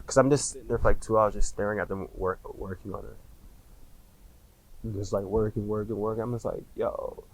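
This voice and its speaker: A man in his thirties, a podcast guest, telling a personal story candidly, in casual slang with frequent swearing and halting restarts. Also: on the low side, fairly even intonation, a little hiss or hum, rough recording.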